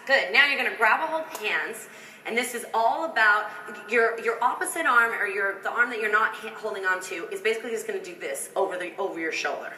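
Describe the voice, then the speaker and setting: A woman's voice: medium pitch, brisk, sharp tone, distant mic, slight background noise. A woman choreographer teaching a dance routine, counting out the beats and coaching two dancers in an upbeat, encouraging way. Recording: echoey room with long reverb.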